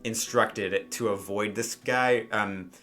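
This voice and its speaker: A man's voice: lowish voice, steady tone, slow pace, pushed and bright, soft background music. A man running a tabletop role-playing game as game master, narrating loosely and using many fillers like "um" and "like".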